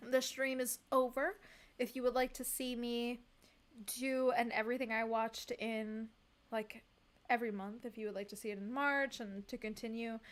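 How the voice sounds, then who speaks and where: A young woman with a high voice, live-streaming and chatting casually with her audience. She rants in an animated way and laughs often.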